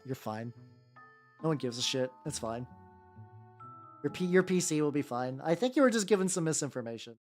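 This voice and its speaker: A woman streaming as she paints miniatures, chatting casually with her viewers, greeting them by name, laughing and swearing freely. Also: low voice. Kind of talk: casual livestream chat. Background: soft background music.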